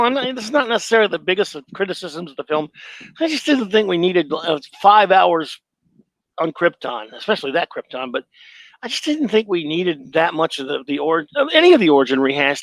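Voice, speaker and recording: Sarcastic high-voiced man reading a review. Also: a bit bright, no room sound, low-quality recording. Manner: sarcastic, rambling, self-mocking. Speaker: host reading his own film review. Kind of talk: live stream commentary reading.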